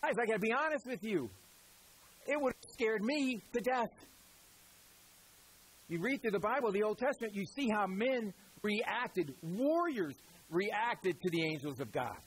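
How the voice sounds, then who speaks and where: A man's voice: high-pitched, animated, measured pace, breathy edge, low-quality recording. A male preacher giving a sermon in a conversational, storytelling way, often calling his listeners "guys".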